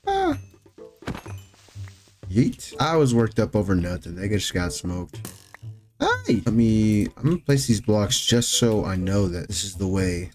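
A young man giving jokey, excitable commentary while playing a survival game, yelping at sudden scares. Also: fairly low pitch, unhurried. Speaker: gaming YouTuber. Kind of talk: Minecraft commentary. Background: faint music.

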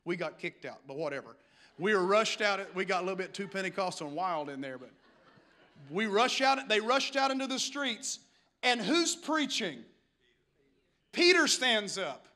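A male pastor preaching with a high, bright, ringing voice. He tells the story with dramatic swings, drifting down to a hush and then climbing to a shout. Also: big pitch swings, normal speed. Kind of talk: sermon.

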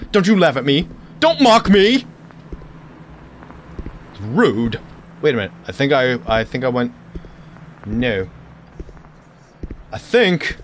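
Playful, slow-talking man with a lively voice. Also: fairly high pitch, a little hiss or hum. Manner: jokey, talks to the game; stutters when startled. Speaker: gaming channel host. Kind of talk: let's play commentary.

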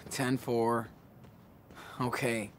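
An actor voicing a relaxed, slangy teenage older brother in a story video game. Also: male voice, mid-range voice, extremely slow, crowd noise. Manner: easygoing, slangy.

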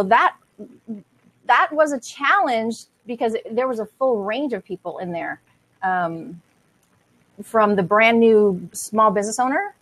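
A woman's voice: mid-range voice, poor audio. A woman who speaks on social media, a panel guest, talking in a chatty way with many fillers. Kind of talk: conversational discussion.

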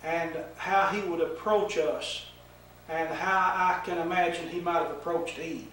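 An older man teaching a Bible lesson, telling the story in a slow, folksy way with fillers, in an echoey room with the mic set far off. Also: on the high side, fairly even intonation, a bit bright, a little hiss or hum.

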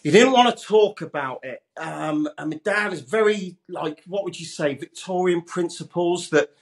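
In a relaxed interview, a Leeds-born radio presenter talks at normal speed in a high, animated voice. Chatty and quick to laugh, he keeps calling the host, and everyone else, mate.

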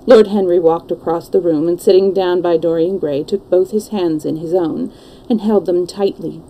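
A woman reading a classic novel aloud as a storyteller on a live stream, with calm, even narration. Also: lowish voice, normal speed, low-quality recording.

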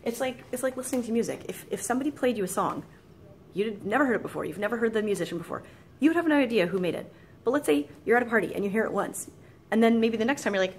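A woman's voice: fairly high pitch, expressive, very fast. A woman teaching French in a casual video lesson, chatty and rambling, acting out quoted thoughts and laughing easily. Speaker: French tutor.

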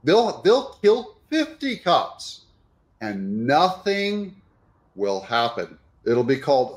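A man giving sarcastic, animated reaction commentary on news clips. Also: mid-range voice, slow. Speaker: political commentator.

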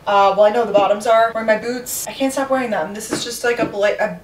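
A woman's voice: fairly high pitch, steady tone, fast talker, slight background noise. A young woman in her twenties chatting casually to the camera as a lifestyle vlogger, rambling with lots of "like". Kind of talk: casual vlog chat to camera. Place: city apartment and streets.

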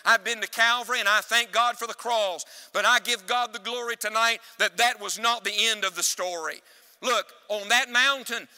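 A man's voice: high-pitched, bright, forceful tone. A male evangelist preaching an emphatic sermon in a church, calling on the congregation to answer him. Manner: emphatic preaching with call-and-response. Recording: hall reverb.

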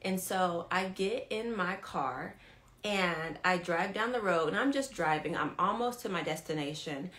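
A woman leads a live-stream devotional and tells her story straight to the viewers. She is animated and repeats key lines for emphasis. She often checks whether her audience is following along. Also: on the low side, unhurried. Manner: talks straight to viewers, asks if they follow. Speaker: women's ministry leader.

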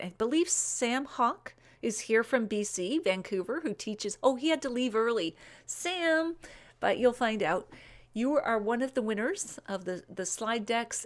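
A woman hosts a live online wine show in a loose, chatty way. She gushes over bottles, rattles off tasting notes and answers viewers' comments as they come in. Her talk is full of little "um"s and quick asides. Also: mid-range voice. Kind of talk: casual live-stream chat, reading viewer comments.

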